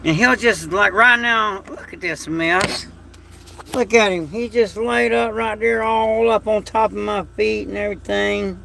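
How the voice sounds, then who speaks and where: A man's voice: sits high, unhurried, creaky, bright, forceful tone. A man, hosting a casual livestream chat from home at night, talking in a rambling, folksy and emotional way. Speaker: livestream host.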